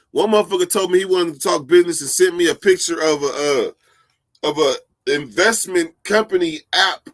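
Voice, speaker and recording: A man with a slightly higher voice hosts a casual live stream, chatting to viewers. His stories come out loose, profane and animated, with laughs mixed in.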